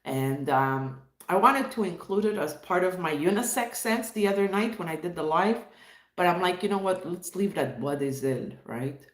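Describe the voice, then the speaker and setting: A woman's voice: fairly low pitch, animated, moderate pace, roomy sound. A woman from Montreal hosting a live stream, chatting casually and greeting viewers by name as she reads the chat. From Montreal, Canada. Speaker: livestream host.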